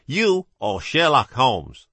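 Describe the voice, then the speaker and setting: A man's voice: mid-range voice, huge pitch swings, slow, fairly bright tone, breathy edge, dry recording, pitched above the performer's own voice, exaggerated voice. A man voicing a composed older actor posing as the great detective, speaking with a British accent in a dry, precise manner. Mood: cool, assured.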